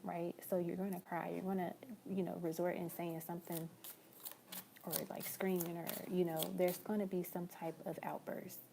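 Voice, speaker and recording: A young woman doing a casual live-stream tarot reading, talking warmly and affectionately to a viewer, calling her girl and love. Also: fairly low pitch, little pitch movement, normal speed, vocal fry, background noise. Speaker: tarot reader.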